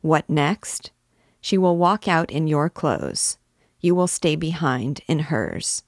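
A woman's voice: animated, no echo, studio quality, full character voice. A woman reading aloud and voicing a brooding, stern male archdeacon, grave and commanding. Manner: grave, commanding, low and measured, erupting in anger. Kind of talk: audiobook character reading.

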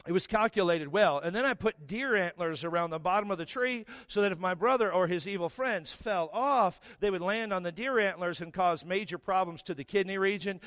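A middle-aged pastor preaches in a high-pitched, fairly bright voice, caught in a dry, clean studio recording. He tells funny, self-mocking personal stories that build toward emphatic exhortation.

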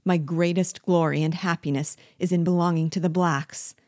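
A woman's voice: fairly even intonation, normal speed, a little mellow, dry recording, clean studio sound, close to an everyday voice. A woman reading aloud and voicing a terrified male planter who begs for his life, her voice rising in desperate pleas. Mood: pleading. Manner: desperate, pleading, rising in pitch.

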